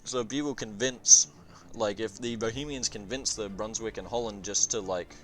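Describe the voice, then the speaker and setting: Male game reviewer, lower voice, rambling profane commentary, soft music bed. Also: fairly even intonation, moderate pace. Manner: rambling, profane, thinking aloud with many fillers. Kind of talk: casual gameplay commentary.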